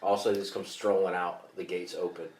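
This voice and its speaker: A man's voice: sits low, flat delivery, fast, a little mellow. A man co-hosting a podcast, telling a profane story in casual chat. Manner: profane, reactive. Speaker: podcast co-host. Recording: echoey room, mic at a distance, faint noise.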